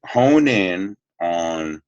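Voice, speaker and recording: A man's voice: deep voice, expressive, extremely slow, no room sound, lo-fi sound. A man who works as a voiceover actor, talking candidly and easygoing as an interview guest, laughing now and then. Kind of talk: casual interview talk.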